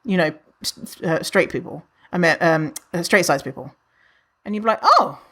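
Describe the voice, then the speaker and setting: A woman hosting a solo podcast, chatty and animated, who swears freely and acts out what people say in a higher voice. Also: moderate pace. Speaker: podcast host. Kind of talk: casual solo podcast monologue.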